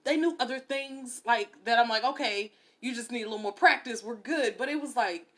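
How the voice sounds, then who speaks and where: A young woman hosting a podcast, telling a story in a candid, blunt, animated way. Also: fairly high pitch, fairly quick. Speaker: podcast host. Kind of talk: casual storytelling monologue.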